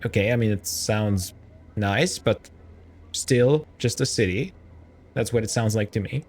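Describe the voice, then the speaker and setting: A man hosting a let's play of a role-playing game, reading the game's text and thinking out loud in a casual, jokey way, often stopping to correct himself. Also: on the low side, measured pace. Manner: musing aloud, jokey and self-correcting. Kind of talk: casual gameplay commentary.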